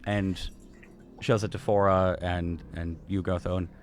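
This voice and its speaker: A young man in casual chat as dungeon master, narrating a tabletop game in a halting, laid-back way with many fillers. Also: low-pitched, little pitch movement, slight background noise.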